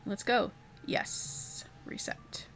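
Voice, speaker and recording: Bright-voiced giggly woman streamer. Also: drawn-out words, whispered, faint music behind. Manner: giggly, apologetic, reads game text aloud. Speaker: gaming streamer. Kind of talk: casual let's-play commentary.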